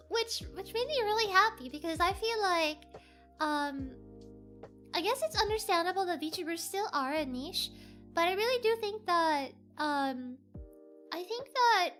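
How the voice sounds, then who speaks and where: A young woman chatting casually on her stream, rambling through her story and bursting into loud, cheerful greetings. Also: very high voice. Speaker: VTuber streamer.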